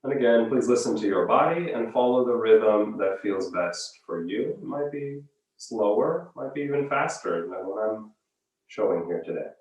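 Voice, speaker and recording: Calm yoga teacher in an echoey room. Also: male voice, medium pitch, distant mic, dull audio. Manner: calm, unhurried step-by-step cues. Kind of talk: guided breathing instruction.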